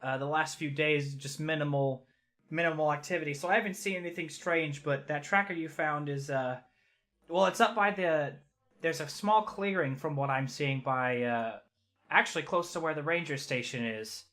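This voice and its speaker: A man doing a halting radio contact. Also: a little high, a bit bright, close to an everyday voice. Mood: informative. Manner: halting, restarts often. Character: adult male radio contact, steady and practical. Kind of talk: in-character radio report in a tabletop game.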